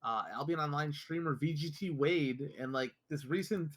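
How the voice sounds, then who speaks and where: A man co-hosting a casual online chat, teasing and peppering his talk with "dude". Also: fairly high pitch. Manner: fast, teasing, lots of 'dude'. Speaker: co-host.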